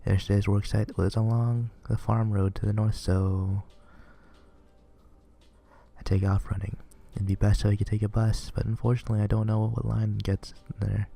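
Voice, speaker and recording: Deep, gravelly man reading a visual novel. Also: little pitch movement, normal speed, mellow. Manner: plain, earnest reading with small stumbles. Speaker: reader playing a visual novel.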